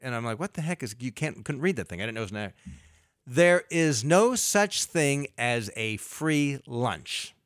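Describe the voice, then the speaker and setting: A middle-aged man, a financial advisor, explaining investing on a radio talk show in a lively way with everyday analogies. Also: medium pitch, moderate pace, no echo, clean studio sound.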